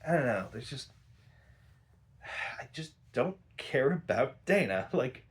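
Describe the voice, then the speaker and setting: A man's voice: mid-range voice, very animated, slow, long pauses. Profane, exasperated young man. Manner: sighs a lot, frequent fillers. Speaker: episode reviewer. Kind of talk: casual review chat.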